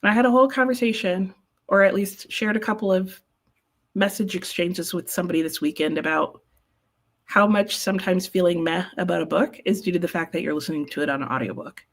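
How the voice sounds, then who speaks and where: A woman's voice: fairly low pitch, fairly quick. A woman hosting a live reading stream, chatting casually and rambling to her viewers while sounding sleepy. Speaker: host of live reading sprints. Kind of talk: casual livestream chat.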